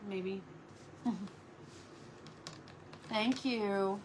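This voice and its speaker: A woman's voice: mid-range voice, fairly even intonation, extremely slow, background noise. A woman chatting casually on a live craft stream from home, cooing at her dog between talk about her painting.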